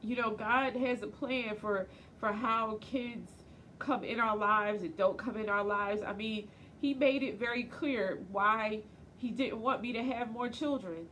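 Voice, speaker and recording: A woman's voice: a little high, a little slow, fairly bright tone, slight background noise. A woman in her forties recording a personal video diary, emotional and close to tears as she speaks tenderly to her daughter. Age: 40s. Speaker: vlogger and mother.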